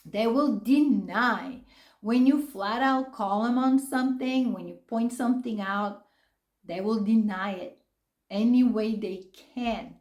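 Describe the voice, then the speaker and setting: A woman's voice: on the high side, takes it slowly, a little mellow, roomy sound. A middle-aged woman explaining psychology casually and animatedly, acting out quoted lines and laughing often. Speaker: psychology video host.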